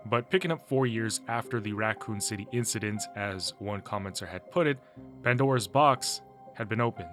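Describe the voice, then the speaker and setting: A man recaps a video game story in a loose, chatty way and is quick with opinions and laughs. His voice sits at a middle pitch, with faint music underneath. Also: a bit bright. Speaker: gaming video host. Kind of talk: casual story recap commentary.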